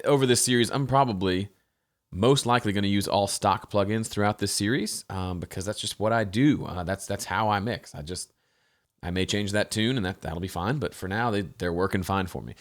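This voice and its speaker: A man with a fairly low voice walks through a mixing session in a casual, relaxed way. He trails into fillers and repeats himself as he thinks aloud. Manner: relaxed, chatty, with frequent fillers and restarts. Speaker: host.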